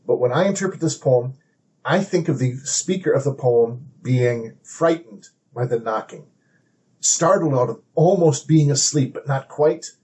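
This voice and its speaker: Mellow-voiced man teaching poetry. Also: medium pitch. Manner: measured, explanatory, reads verse aloud dramatically. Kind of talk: poetry lesson with readings.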